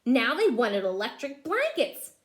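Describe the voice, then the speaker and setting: A preschool teacher reading a picture book aloud to young children, her fairly high voice rising and falling with lively expression as she stops to ask them questions. She talks at an unhurried pace, and the sound carries a roomy echo. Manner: animated, asks the children questions.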